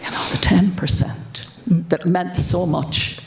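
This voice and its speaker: A woman's voice: on the low side, steady tone, slow. An older woman with an Irish accent gives a keynote speech as a story, stressing her points by repeating words. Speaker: keynote speaker. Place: conference hall. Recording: roomy conference hall sound.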